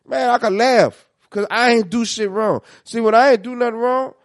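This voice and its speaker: A man with a New Orleans accent, co-hosting a podcast in casual chat, telling animated stories full of swearing and acted-out quotes. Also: extremely high pitch, moderate pace, no room sound, clean studio sound. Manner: animated storytelling, swears a lot, acts out quotes. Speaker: podcast co-host.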